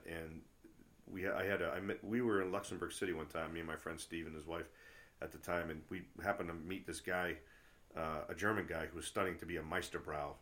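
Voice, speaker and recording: A middle-aged man chatting casually as a travel vlogger, rambling through stories with lots of fillers and restarts and getting worked up when he rants. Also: extremely low pitch. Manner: gets loud and worked up when ranting. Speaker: travel vlogger and tour guide. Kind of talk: casual chat.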